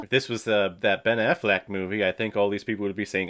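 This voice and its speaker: A man's voice: fairly low pitch, normal speed, a bit bright. A man hosting a comedic movie watch-along, making irreverent jokes and swearing. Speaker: host.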